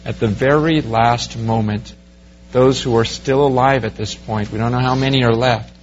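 A man preaching a sermon verse by verse, growing animated as he pictures the scene for his listeners. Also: mid-range voice, normal speed, lo-fi sound, slight background noise. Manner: animated, rising to excited storytelling. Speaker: pastor.

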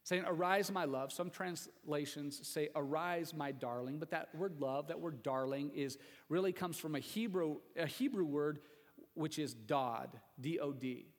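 In a church sanctuary, a male pastor preaches in a chatty, joking way, tossing asides directly to the congregation. His voice is fairly high, a little slow, and echoes through the large hall.

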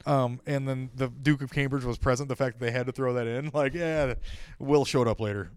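A man's voice: mid-range voice, steady tone, a little fast, clean tone, no echo. A man co-hosting a podcast in casual chat, cursing freely and laughing often, recorded close and dry. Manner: swears a lot, laughs often. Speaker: podcast co-host.

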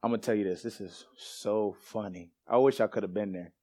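A man preaches in a church sanctuary with a fairly low, darkish voice, speaking a little fast. He laughs and uses casual slang while telling a personal story, then turns to scripture.

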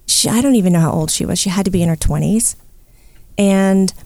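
A woman's voice: medium pitch, fairly quick, no echo. A middle-aged woman, a psychic medium, telling a story in a casual interview and acting out the voices in it. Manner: animated, acts out the voices in her story.

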